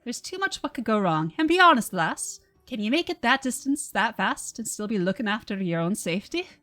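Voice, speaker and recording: A woman voicing a small, booming male creature in a put-on Irish-Scottish brogue, bossy and jovial. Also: big pitch swings, brisk, pushed and bright, faint music behind. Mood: worried.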